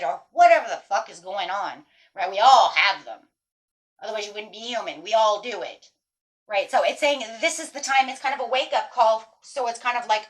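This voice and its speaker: A woman giving a casual tarot reading, talking straight to her viewers in an animated, emphatic way and swearing now and then. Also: mid-range voice, normal speed. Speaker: tarot reader.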